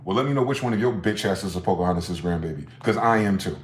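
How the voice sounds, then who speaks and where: A man talking in a rambling, profane late-night monologue, swinging from loud outbursts to low muttering. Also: expressive, fast talker, roomy sound, a little hiss or hum. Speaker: vlogger.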